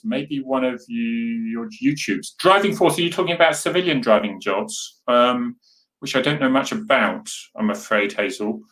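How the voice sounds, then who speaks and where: A man's voice: mid-range voice, moderate pace, fairly bright tone. A man hosting a casual live chat, talking earnestly and rambling as he answers viewer comments. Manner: rambling, earnest, with many restarts and asides to viewers. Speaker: host.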